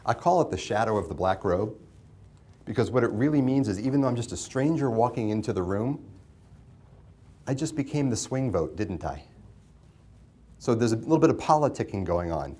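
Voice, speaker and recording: A man's voice: lowish voice, lively intonation, fairly quick, long pauses, a little mellow. A man teaching a mediation class, who asks the room questions and repeats their answers back. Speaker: mediation instructor. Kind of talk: interactive classroom lecture.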